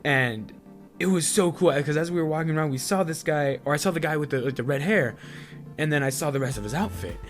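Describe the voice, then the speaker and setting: A man telling stories in a casual vlog, excitable and self-deprecating, with lots of fillers. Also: a little high, fast, faint music behind. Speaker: vlogger.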